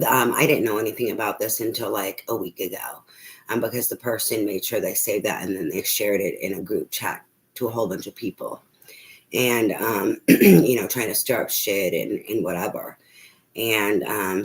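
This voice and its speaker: Her voice is very deep and the recording rough. This middle-aged woman, a tarot reader, pours out her frustration about family trouble, bluntly and emphatically, cursing frequently and starting sentences over.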